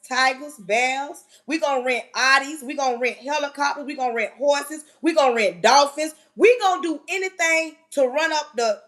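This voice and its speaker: Woman livestream host, high-pitched, preachy and emphatic, scolding rant. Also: a bit bright.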